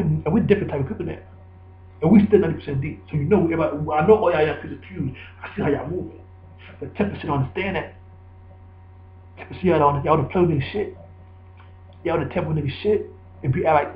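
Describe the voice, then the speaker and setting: Man, slightly high voice, gravelly, preachy rambling monologue, echoey dull recording. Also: a little hiss or hum. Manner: preachy, repetitive, emphatic.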